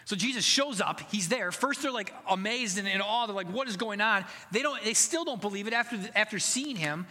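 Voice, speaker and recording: A man's voice: high voice, lively intonation, a little fast, bright, forceful tone, in a large hall. A man preaching a sermon as pastor, earnest and conversational, building to emphatic passages.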